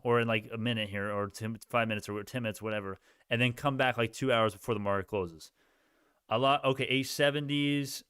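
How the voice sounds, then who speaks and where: Male stock streamer, clear smooth voice, dry close sound, loose and rambling. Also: medium pitch, fairly bright tone, no echo. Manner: rambling, casual, thinking aloud. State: sleepy, yawning. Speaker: stock livestream host. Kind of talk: live stream chat answering viewers.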